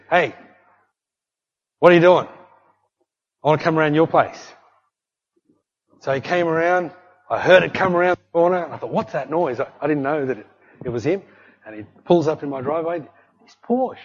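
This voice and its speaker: A brisk, rather high male voice, broken by long pauses, belongs to a middle-aged pastor giving a sermon. He preaches emphatically and repetitively, often calling out "hey" to the congregation and saying "don't fret." The sound is lo-fi and dull, echoing with long hall reverb.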